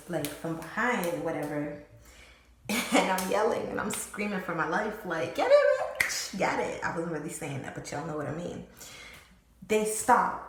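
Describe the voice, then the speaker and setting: A young woman vlogger tells a story in loose, slangy chat full of "like" and swearing. Her voice sits a little low for a woman. It rings around a very echoey room over faint background noise. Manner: slangy, profane, animated retelling with lots of "like".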